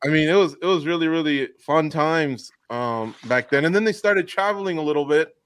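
A man's voice: on the high side, a little fast, fairly bright tone, clear, resonant tone. A man hosting a podcast, chatting in a friendly, easygoing way with a guest. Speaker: podcast host. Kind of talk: casual interview chat.

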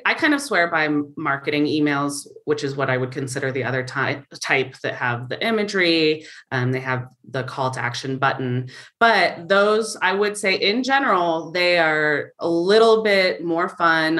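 A woman's voice: low voice, a bit bright. A woman guest in a casual interview, explaining things thoughtfully with frequent fillers. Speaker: marketing guest.

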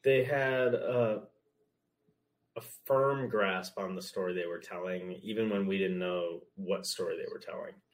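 Man, podcast guest, casual chat, thoughtful, lowish voice. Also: steady tone. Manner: thoughtful, measured, with restarts.

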